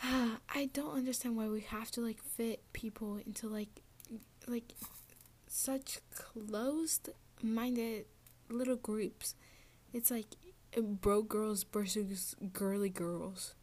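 A woman's voice: a little high, fairly even intonation, takes it slowly, darkish tone. Young woman ranting, often whispering. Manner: often drops to a whisper, lots of "like". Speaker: podcast host. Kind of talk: casual solo rant.

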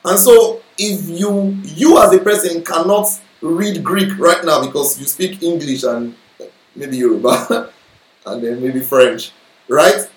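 Male Bible teacher, high-pitched, sermon delivery, echoey room, frequent check-ins with the audience. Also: takes it slowly. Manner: explanatory, checks in with listeners often.

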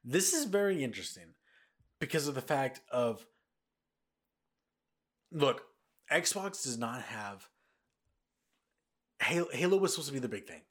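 A man's voice: mid-range voice, sing-song, a little slow, long pauses, a bit bright. A man hosting a casual podcast, talking in a rambling way with lots of restarts and repeats, tired and yawning. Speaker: podcast host. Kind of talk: casual news chat.

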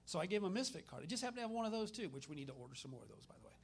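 A man's voice: sits high, very fast, gravelly, slight background noise. Chatty man preaching. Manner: conversational storytelling, animated retellings. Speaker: minister. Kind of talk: sermon with personal stories.

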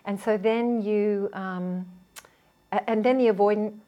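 A relationship therapist talks casually to an audience, animatedly acting out what partners say to each other and laughing often. Her mid-range voice is unhurried, and the recording sounds muffled.

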